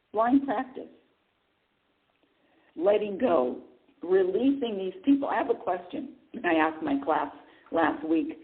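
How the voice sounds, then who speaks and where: Brief: woman spiritual radio host, very expressive pitch, asks and answers her own questions, tinny phone-line sound. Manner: animated, asks herself questions and answers them, chuckles often. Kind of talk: spiritual talk radio monologue.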